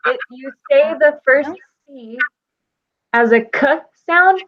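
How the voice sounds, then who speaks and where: A woman in an online class, slowly and carefully explaining how a word is pronounced. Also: sits high, expressive. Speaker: class participant. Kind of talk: casual online class talk. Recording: muffled video call audio.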